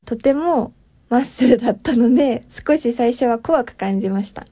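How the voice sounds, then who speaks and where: A native Japanese speaker in her twenties tells a personal story with hesitant fillers. Her voice is fairly high and quick, with a mellow tone. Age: 20s. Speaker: storyteller guest.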